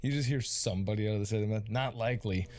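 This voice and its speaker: A man's voice: on the low side, racing, warm tone. A man narrating a tabletop game as game master, casual and rambling with lots of fillers.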